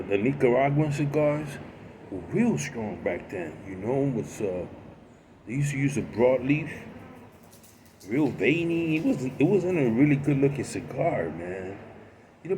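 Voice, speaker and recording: A man's voice: mid-range voice, a little mellow, a little hiss or hum. A man from the Bronx, casually telling a story in rambling streetwise slang, sitting outdoors. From Bronx, New York. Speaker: cigar vlogger. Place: outdoors with his dogs.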